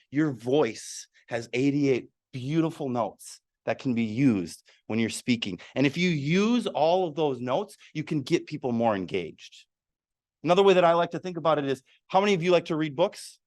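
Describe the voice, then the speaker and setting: Leading a public speaking workshop in a meeting room, this man keeps quizzing the live audience in an animated way. The pitch is fairly high, and the sound is clean studio quality with no room noise.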